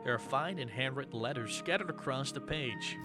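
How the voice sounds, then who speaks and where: A man playing a game demo who reads its narration aloud and breaks off into quick, dramatic reactions. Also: medium pitch, music in the background. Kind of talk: let's-play commentary, reading game text aloud.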